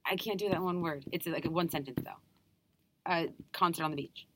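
A woman's voice: on the low side, dry recording. A young woman from New York with an American accent, chatting enthusiastically as a guest performer in an interview. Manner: chatty, enthusiastic, quick restarts. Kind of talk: casual interview chat.

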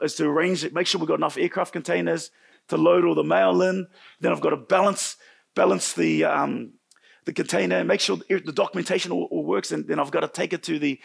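A middle-aged man preaching a sermon in church, telling a personal story with animated swings from loud to hushed. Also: a little high, vocal fry, husky. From New Zealand.

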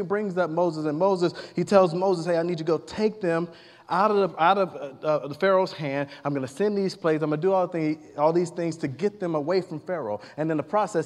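A man preaching a sermon, retelling the scripture stories in casual speech and acting out the characters' lines. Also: a little high. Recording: long hall reverb.

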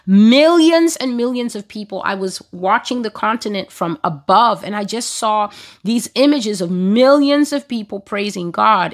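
An earnest woman describes visions she says she received, in the manner of a spoken prophecy blog. Her voice sits in an ordinary middle pitch. She talks deliberately and occasionally halts to restart a phrase. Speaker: prophecy blogger.

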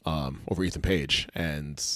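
A man co-hosting a casual chat show, excitable and halting, full of fillers and restarts. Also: extremely low pitch, no room sound, clean studio sound. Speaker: podcast co-host.

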